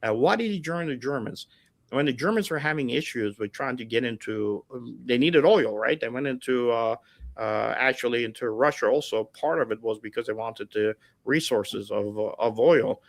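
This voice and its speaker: A man's voice: mid-range voice, normal speed, gravelly, no room sound. A middle-aged man in a casual chat, telling stories with energy, full of fillers, laughing and putting on voices for the people in them. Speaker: guest storyteller. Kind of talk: casual storytelling. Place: home setup over a livestream call. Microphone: remote call mic.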